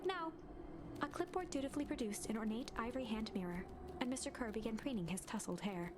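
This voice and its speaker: A woman narrating a storybook game in a calm, measured scripted read. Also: a little high, background noise. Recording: music playing underneath.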